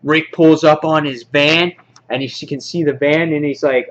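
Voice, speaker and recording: A man casually reviewing a comic book, rambling excitedly and acting out the characters' lines. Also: fairly high pitch, moderate pace, lo-fi sound.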